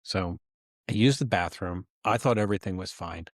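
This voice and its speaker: Male podcast co-host, ex-medic, lowish voice, easygoing storyteller. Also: moderate pace, dry recording, studio quality.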